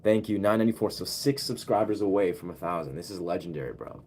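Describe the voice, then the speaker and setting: A man's voice: sits low, quick pace, a little mellow, slight background noise. A man chatting casually on a live stream as a musician, laid-back and rambling with slangy asides. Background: keyboard music he plays.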